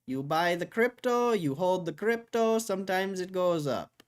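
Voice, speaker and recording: A man's voice: lively intonation, unhurried. A man putting on a goofy made-up foreign accent as a pushy crypto salesman, in broken English. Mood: mock salesy. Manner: exaggerated, broken-English pitch.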